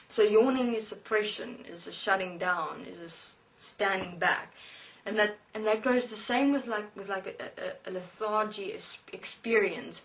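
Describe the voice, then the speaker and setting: A woman lectures in a slow, deliberate way, pausing and restarting as she instructs. Her pitch sits in a middle range. The mic is some distance from her, which gives the voice a distant sound. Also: a bit bright. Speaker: speaker channeling a spirit being. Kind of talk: spiritual lecture.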